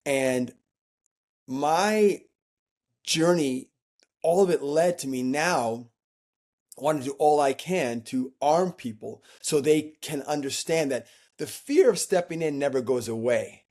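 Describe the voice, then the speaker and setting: Male interview guest, conversational and animated, playful quoted voices. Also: fairly high pitch, slow pace. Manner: animated, acts out quoted voices, frequent restarts. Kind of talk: reflective conversational storytelling.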